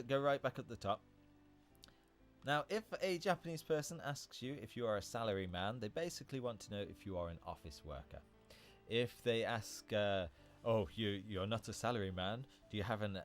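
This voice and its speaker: Chatty low-voiced man explaining words. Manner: chatty, self-correcting, laughs at himself. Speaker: livestream host teaching English vocabulary. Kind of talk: casual livestream explanation.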